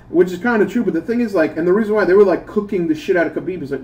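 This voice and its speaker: A man, a gaming YouTuber, giving a casual, profane, animated rant with bursts of laughter while he plays a mobile game. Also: sits high, racing, few pauses, distant mic.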